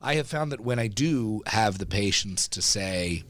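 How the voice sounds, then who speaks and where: Podcast co-host, lower-voiced man, thoughtful and unhurried. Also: expressive, a bit bright. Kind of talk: casual podcast conversation.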